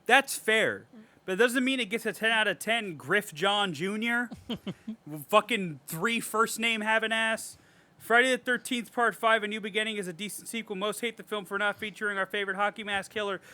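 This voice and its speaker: A man co-hosting a horror podcast, reading reviews aloud with animated, sarcastic commentary and frequent swearing. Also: sits high. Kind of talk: casual podcast chat.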